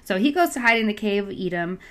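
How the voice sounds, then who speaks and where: Young adult woman, casual storyteller, lively and slangy, middle pitch. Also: fast. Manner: chatty, animated, acts out voices with slang. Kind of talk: casual Bible story retelling.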